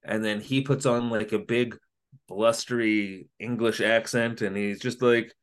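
A man co-hosting a casual podcast, retelling an episode in an animated, jokey way. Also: lowish voice, unhurried, clear, resonant tone. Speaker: podcast co-host. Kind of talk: casual comedic recap chat.

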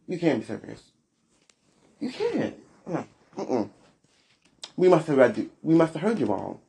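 Sassy gravelly-voiced male podcast host. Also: warm tone. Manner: sassy, blunt critique with dramatic pitch swings. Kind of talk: solo opinion podcast.

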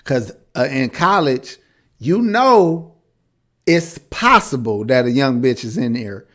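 A man's voice: medium pitch, sing-song, takes it slowly, a bit bright. A man co-hosting a podcast in casual chat, blunt and crude, often laughing as he riffs. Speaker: podcast co-host.

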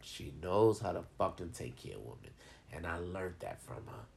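Male vlogger, low gravelly voice, profane and animated storytelling. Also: normal speed. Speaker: vlogger giving advice. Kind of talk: casual storytelling monologue.

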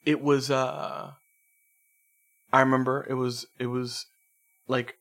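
A man's voice: mid-range voice, flat delivery, takes it slowly, fairly bright tone. Rambling, swearing man in casual chat. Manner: rambling anecdotes, swears, laughs while telling stories.

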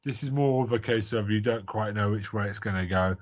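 A man's voice: on the low side, a little fast. A man from Britain co-hosting a casual film podcast, talking in an easygoing, rambling way. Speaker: podcast co-host.

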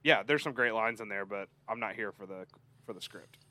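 A man's voice: on the low side, a little fast, bright, forceful tone. A man co-hosting a podcast in laid-back casual chat, with many fillers. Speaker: podcast co-host.

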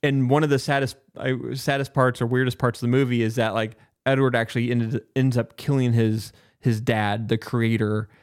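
A man's voice: medium pitch, flat delivery, moderate pace, hardly any pauses, clean tone. A man co-hosting a podcast, recapping a film in a hesitant way with many fillers and restarts. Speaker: podcast co-host. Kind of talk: casual film discussion.

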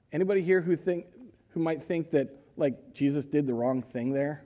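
A middle-aged man preaching a sermon in a church, telling the story with animated voices and questions to the congregation. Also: on the high side, moderate pace, lo-fi sound. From United States. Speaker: pastor. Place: church sanctuary.

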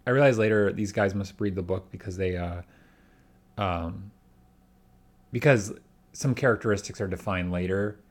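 A man's voice: sits low, normal speed, pauses often. A man chatting casually on a podcast, rambling with many restarts and hedges. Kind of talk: casual chat.

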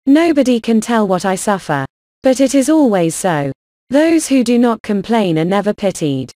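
A woman's voice: mid-range voice, big pitch swings, normal speed, warm tone, dry recording, lightly acted. Fretful dramatic mother, woman reader doing her, whiny, self-pitying, storybook reading, dry recording. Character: fretful complaining middle-aged mother. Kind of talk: audiobook character reading.

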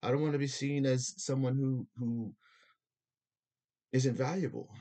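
A man's voice: medium pitch, steady tone, unhurried, dark tone. A young adult man hosting a podcast, ranting in casual chat with lots of swearing and restarts. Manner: profane, rambling, lots of restarts. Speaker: podcast host.

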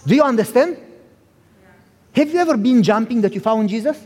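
A man with an accent preaching a storytelling sermon, animated and addressing the listeners directly. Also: very high voice, unhurried, pauses often. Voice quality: accented speech. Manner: animated, acts out dialogue, talks directly to the listeners. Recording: reverberant hall.

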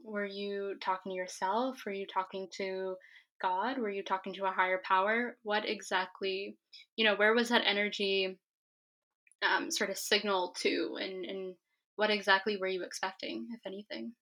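A woman interviewing a guest, asking measured, probing questions. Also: mid-range voice, steady tone, fairly bright tone.

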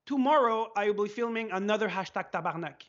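A man from Quebec with a Quebec French accent, a French speaker chatting in English as a guest, excitable and laughing, swearing freely. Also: high-pitched, fast talker. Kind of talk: casual chat. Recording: dull lo-fi sound.

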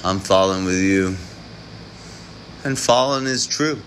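A man's voice: low voice, slow, fairly bright tone, slight background noise. A man live streaming late at night, rambling and preaching in improvised rhymes and chuckling between lines.

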